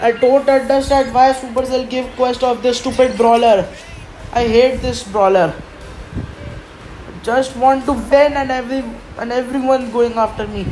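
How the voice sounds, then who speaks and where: Slow-talking frustrated woman gamer. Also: on the high side, steady tone, warm tone, slight background noise, rough recording. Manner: frustrated, complaining, pleading. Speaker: gaming commentator. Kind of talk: live gameplay commentary.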